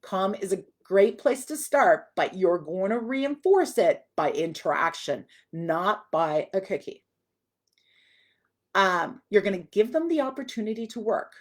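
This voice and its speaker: Woman, dog trainer, live online lesson, chatty, direct, middle pitch. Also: animated, measured pace.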